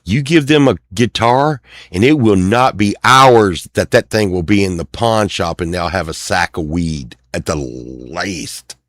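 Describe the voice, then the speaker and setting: A man's voice: low-pitched, unhurried, few pauses, dry recording, studio quality. A middle-aged man rambling and venting on his own show, acting out other people's lines as he complains. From Texas. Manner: sings a few lines softly. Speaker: show host. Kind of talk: casual rambling monologue.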